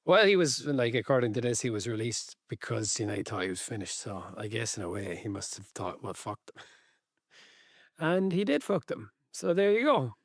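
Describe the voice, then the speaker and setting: A man co-hosting a casual football podcast, relaxed and wryly teasing his co-host. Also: medium pitch, brisk, few pauses, no echo, studio quality.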